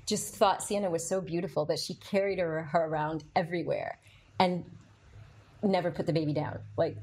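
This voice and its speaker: A middle-aged woman with a fairly low voice tells her own story on a podcast. She talks candidly and with feeling, and she answers the comments of her live audience as she goes. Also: husky. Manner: candid and emotional, with frequent fillers. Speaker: podcast host.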